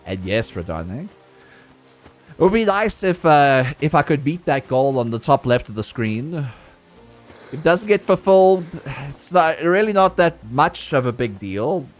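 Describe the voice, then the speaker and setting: A man streaming a video game, chatting casually and playfully, using baby talk for animals and breaking into sudden high outbursts. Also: big pitch swings, a little slow, faint music behind. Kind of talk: casual live-stream gameplay commentary.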